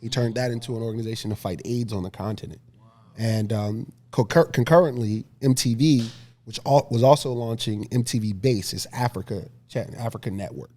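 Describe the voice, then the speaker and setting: A man in his thirties from Philadelphia, a podcast guest telling a story in a lively, laughing way. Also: medium pitch, a little fast. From Philadelphia, USA. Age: 30s. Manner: lively, laughing storyteller who acts out scenes. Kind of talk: casual storytelling interview.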